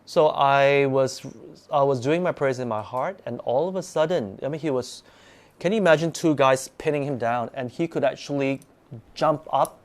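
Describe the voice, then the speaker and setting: A man's voice: medium pitch, normal speed. A man hosting a live stream, telling his own ghost stories in a rambling way, full of restarts and sudden bursts of acting out.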